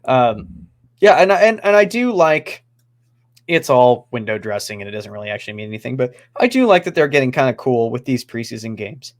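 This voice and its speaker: A man's voice: mid-range voice, big pitch swings, brisk. A man hosting a hockey podcast in casual chat, steering topics with a joking tone. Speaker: podcast host.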